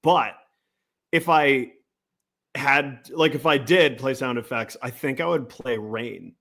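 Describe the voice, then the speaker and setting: A man co-hosts a podcast and tells stories in a relaxed, wandering way. His voice sits at an ordinary middle pitch, and his delivery is easygoing and unhurried. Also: vocal fry. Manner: rambling, laid-back storytelling. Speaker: podcast co-host. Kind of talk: casual chat.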